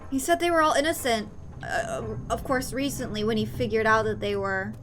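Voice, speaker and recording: A young woman streaming a game live, chatting excitedly and teasing her viewers. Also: fairly high pitch, a little fast, background noise.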